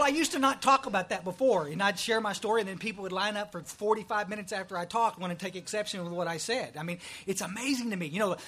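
A man's voice: high voice, sharp tone. A middle-aged man from Texas with a Texan accent, giving a folksy, emphatic testimony talk at a recovery meeting.

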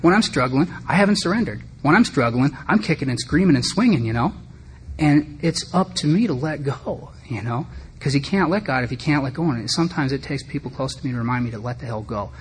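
A man's voice: medium pitch, expressive, brisk, breathy edge. A middle-aged man speaking candidly and self-deprecatingly to a recovery meeting, talking conversationally with frequent asides. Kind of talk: personal recovery talk to a group. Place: meeting room.

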